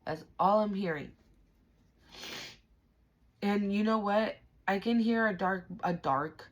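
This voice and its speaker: A woman in the middle pitch range reads tarot for her viewers at a slow, unhurried pace. She speaks directly to the viewer, dropping slang and frequent swear words as she stresses her points. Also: lo-fi sound. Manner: emphatic, slangy and profane, talks straight to the viewer. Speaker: tarot reader. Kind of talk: spiritual tarot reading to camera.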